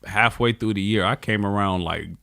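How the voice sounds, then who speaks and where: A man who is a comedian and podcast co-host, telling a story in a rambling, profane, animated way. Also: lowish voice, moderate pace, creaky, no room sound, studio quality. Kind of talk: casual storytelling.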